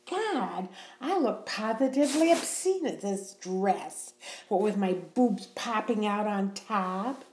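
A woman's voice: mid-range voice, dark tone, reverberant. A woman playing a sighing widowed mother. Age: middle-aged. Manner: sighing, sentimental, teasing. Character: wistful middle-aged widowed mother. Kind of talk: audio role-play.

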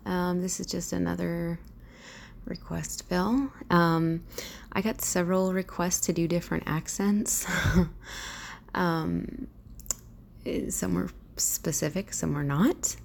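Low, gravelly-voiced chatty woman. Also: slow pace, long pauses, slight background noise. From Southern US. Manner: chatty, hesitant, self-deprecating, clear careful diction. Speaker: audio creator. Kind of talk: casual chat to listeners.

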